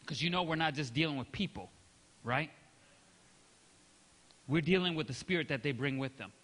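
A man's voice: on the high side, moderate pace, in a large hall. A man pastor preaching in a church sanctuary, talking casually to the congregation and acting out examples. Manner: animated, demonstrative preaching with acted-out examples; conversational, checks in with audience. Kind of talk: sermon.

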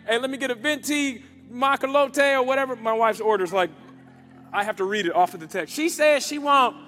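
A male preacher with a high, bright-toned voice tells a story from the pulpit. He swings from loud, excited bursts down to near-whispered lines. Music plays clearly underneath. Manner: dynamic, swings from loud to hushed. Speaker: pastor. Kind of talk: sermon. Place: church.

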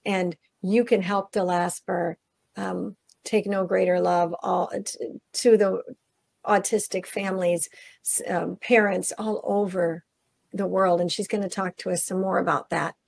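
A woman's voice: medium pitch, level tone, a little slow, gravelly, a little mellow. A woman hosting an interview, talking with enthusiasm and turning to the listeners as y'all. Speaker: host. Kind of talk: casual interview.

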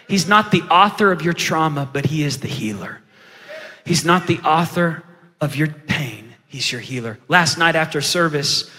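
Male pastor, fairly high, bright, forceful voice; sermon with hushed stories and shouted peaks, reverberant church hall. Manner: swings from hushed storytelling to loud preaching.

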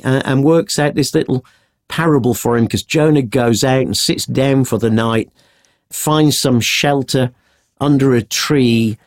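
A man teaching a Bible story in a conversational podcast, acting out the quotes as he tells it. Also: mid-range voice. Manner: animated storytelling with acted-out quotes.

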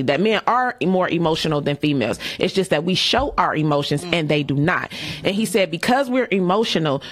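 A woman hosting a casual talk show, telling a story in a lively way and swearing freely. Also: lowish voice, no echo. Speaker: podcast host. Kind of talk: casual chat.

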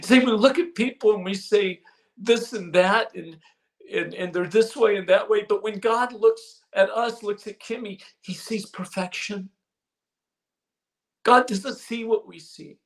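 Male preacher, somewhat high gravelly voice, earnest storytelling sermon, leans on repeated phrases. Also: a little slow.

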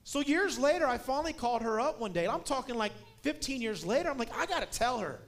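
High-voiced preacher telling a story. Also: male voice, expressive, fast. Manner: storytelling, building to shouted emphasis. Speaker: guest preacher. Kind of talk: sermon.

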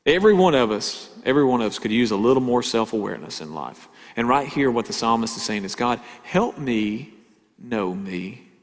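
A man preaching a sermon in a church hall, his mid-pitched voice trailing off into a long reverb. He stresses his points by saying them twice and keeps asking the listeners whether they are with him. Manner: emphatic, repeats key lines, asks the crowd for agreement. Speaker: pastor.

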